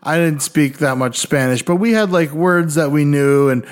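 Fairly high-voiced man telling wild stories. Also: moderate pace. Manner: animated, profane, mimics other people's voices. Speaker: podcast co-host. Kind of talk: casual storytelling.

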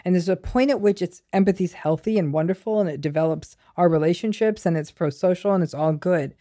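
Mellow, low-voiced woman psychologist. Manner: measured, explains with examples. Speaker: psychologist guest. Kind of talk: explanatory podcast interview.

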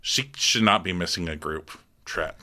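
Man, low voice, very bright tone, teasing, gossipy podcast recap. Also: moderate pace. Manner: gossipy, teasing, acts out quotes. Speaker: podcast co-host. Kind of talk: casual recap chat. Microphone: remote call.

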